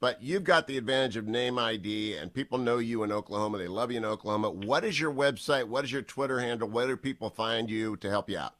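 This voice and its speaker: A man's voice: mid-range voice, a bit bright, dry recording. Radio host man with dry close sound. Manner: brisk, plugs guests and introduces segments. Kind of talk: radio talk show hosting. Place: remote broadcast from abroad.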